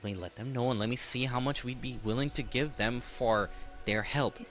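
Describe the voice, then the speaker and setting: A man's voice: mid-range voice, moderate pace, fairly bright tone, close to an everyday voice. A man voicing a polite, nervous innkeeper who hesitates and hedges with ums.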